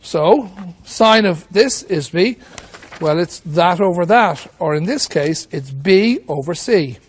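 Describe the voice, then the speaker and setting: His voice is high, expressive and slightly rough, and he speaks at a slow pace. Working at a whiteboard, the man teaches maths step by step, questioning himself rhetorically as he goes.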